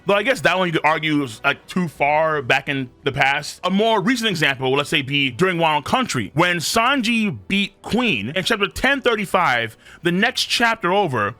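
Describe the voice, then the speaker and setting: A man reviewing a manga chapter in casual commentary, animated, now and then putting on quick voices for the characters. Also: fairly high pitch, dry recording.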